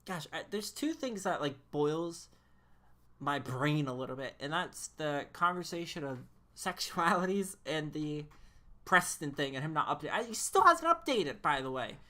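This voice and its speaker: A woman's voice: deep voice, normal speed, a bit bright. A woman streaming a game, chatting casually in a rambling, incredulous way and laughing often. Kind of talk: casual live-stream chat.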